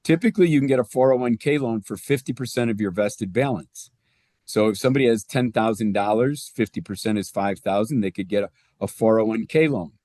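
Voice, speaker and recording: A man's voice: lowish voice, a little fast, a little mellow, dry recording, clean studio sound. Man walking through loan numbers. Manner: conversational, walks through numbers step by step. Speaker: real estate presenter. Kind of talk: explaining loan math to realtors.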